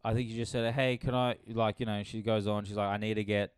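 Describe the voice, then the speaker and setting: A man retells a late-night story on his podcast, casual and full of swearing. His voice is smooth and resonant, recorded close with a dry sound. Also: on the low side, little pitch movement, a little fast, no room sound. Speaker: podcast host. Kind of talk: casual chat.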